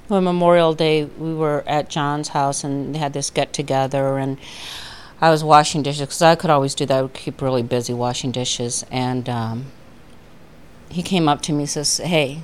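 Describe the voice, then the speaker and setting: A woman's voice: sits low, smooth. Heartfelt woman telling her recovery story. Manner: heartfelt, storytelling, laughs often. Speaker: AA speaker. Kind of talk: recovery talk at a meeting.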